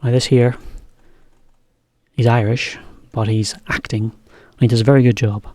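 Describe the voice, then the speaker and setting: A man giving a relaxed, chatty language lesson. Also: medium pitch, a little slow, dry recording, clean studio sound. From England. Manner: relaxed, chatty, laughs often. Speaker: English teacher. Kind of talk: casual lesson commentary.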